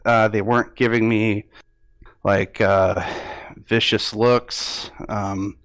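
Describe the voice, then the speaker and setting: A man recounting a dream in an interview, halting and hesitant with many restarts, close to tears at times. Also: on the low side, level tone, fairly bright tone, clear, resonant tone, no echo. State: near tears, emotional. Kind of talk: emotional interview recollection.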